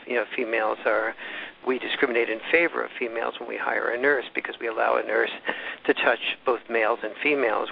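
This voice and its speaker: Gravelly-voiced man telling a story. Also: mid-range voice, slight background noise. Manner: discursive, explanatory, with frequent restarts. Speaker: interview guest. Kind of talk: casual storytelling in conversation. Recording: dull, slightly lo-fi recording.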